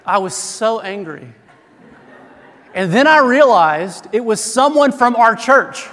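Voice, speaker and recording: A man's voice: very high-pitched, lively intonation, slow pace, noisy background. A middle-aged man preaching a sermon as pastor, in a conversational way with self-deprecating humor, in a church sanctuary. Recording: long hall reverb.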